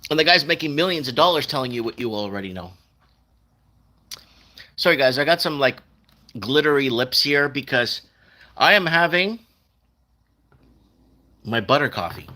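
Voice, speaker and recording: A man talks through a casual livestream in a bright, forward voice at a middling pitch. He rambles between topics and reads viewer comments out loud as they come in. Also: expressive, normal speed, long pauses.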